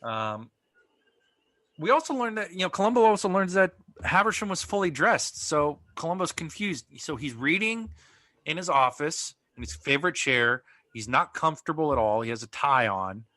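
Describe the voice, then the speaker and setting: A man's voice: fairly high pitch, animated, moderate pace, pushed and bright, no echo. A man co-hosting a podcast in casual chat, recapping plot at length with plenty of ums and uhs. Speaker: podcast co-host.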